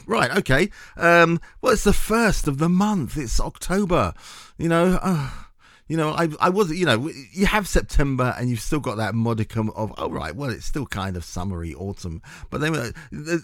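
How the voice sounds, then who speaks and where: A man's voice: mid-range voice, a bit bright, no echo. A man hosting breakfast radio in a studio, talking in a rambling, chatty way full of fillers. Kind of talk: casual chat.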